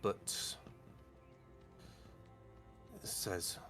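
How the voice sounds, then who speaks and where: A man narrating a tabletop game as game master, in a relaxed and hesitant way with many fillers. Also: extremely slow, faint music behind.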